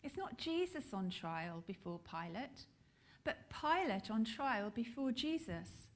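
A woman with a British accent preaching a sermon, slow and deliberate with emphatic pauses. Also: a little high, sing-song.

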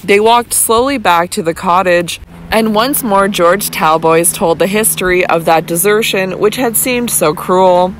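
A man narrating a classic novel as an audiobook with a steady, measured reading. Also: high-pitched, a little hiss or hum, poor audio.

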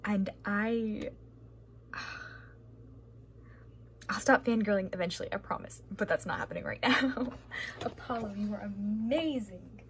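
Young woman vlogger, slow-paced, excitable fan gushing over art, faint hiss behind. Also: mid-range voice. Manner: gushing, breathless, gasps and squeals, drops to whispers. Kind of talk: excited unboxing commentary.

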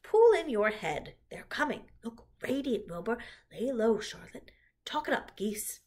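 Lady doing a bossy old sheep hissing orders, husky, all over the place pitchwise. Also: sing-song, measured pace, exaggerated voice. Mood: commanding. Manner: urgent hushed whisper. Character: wise old ewe, bossy and blunt.

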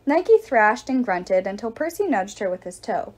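A woman reading a novel aloud as narrator, with expressive, animated delivery. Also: mid-range voice, normal speed. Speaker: audiobook reader.

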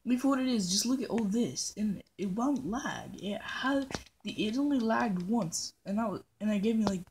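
A woman's voice: medium pitch, animated, moderate pace, darkish tone, a little hiss or hum. A woman hosting a casual game commentary in a put-on British accent, rambling playfully and poking fun at herself. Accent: put-on British persona. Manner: playful, rambling, self-mocking, drifts into hummed nonsense. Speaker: gaming channel host. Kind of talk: casual let's-play commentary. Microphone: phone recording.

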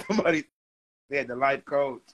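A man's voice: mid-range voice, normal speed, poor audio. A man chatting casually on a livestream, laughing often and reading viewer comments aloud in a loose, rambling, profane way.

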